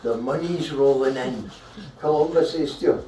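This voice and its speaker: A man doing stand-up storytelling, chatty and irreverent, often asking "right?". His voice is mellow and a little high. He is heard from a distance in a roomy live venue with faint background noise. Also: moderate pace. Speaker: stand-up comedian.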